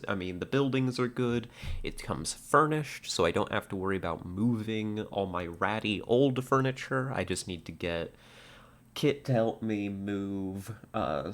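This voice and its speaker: A man's voice: on the low side, gravelly, a bit bright. A man streaming live, chatting casually with viewers, laughing often and stumbling over his words. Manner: giggly, stammering, reads out chat puns.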